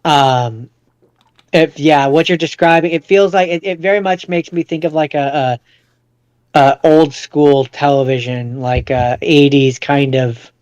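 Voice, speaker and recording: Smooth-voiced young man thinking aloud. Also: on the high side, steady tone, darkish tone, dry recording. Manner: halting, stammers while thinking aloud. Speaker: podcast co-host. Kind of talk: casual movie chat.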